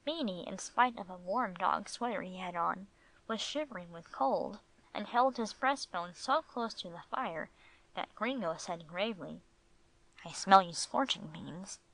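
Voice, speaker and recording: A woman narrating a classic audiobook in a measured, even storytelling manner. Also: mid-range voice, poor audio. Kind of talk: scripted narration.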